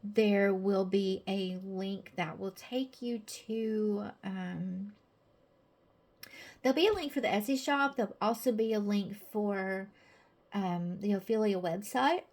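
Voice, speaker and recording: A woman's voice: mid-range voice, takes it slowly, darkish tone. A woman with a Southern American accent, chatty and gushing, presenting her own tarot deck in a casual video with many fillers.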